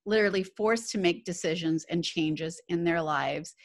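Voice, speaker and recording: Low-voiced woman podcast host. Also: normal speed. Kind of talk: interview questions.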